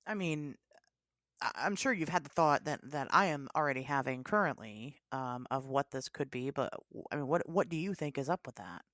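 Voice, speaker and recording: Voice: mid-range voice, animated, moderate pace, a bit bright, dry recording, clean studio sound. A podcast host asking questions in a laid-back, joking way. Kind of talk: casual interview chat.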